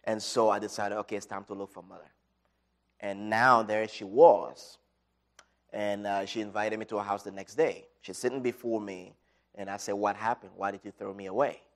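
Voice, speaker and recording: A middle-aged man giving an inspirational talk, telling a personal story with dramatic swings from loud to quiet. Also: fairly low pitch, steady tone, normal speed. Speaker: speaker.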